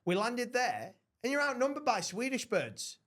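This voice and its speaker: High-voiced man telling rambling stories. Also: wildly swooping pitch, moderate pace, fairly bright tone. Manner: swearing, rambling anecdotes. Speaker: podcast host. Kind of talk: casual chat.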